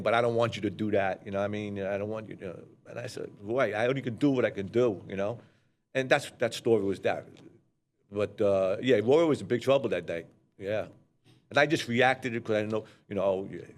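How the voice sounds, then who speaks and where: An older man with a New York accent, telling a rambling street story in blunt, profane casual conversation. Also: lowish voice. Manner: blunt, rambling, swears freely. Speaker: co-host telling stories.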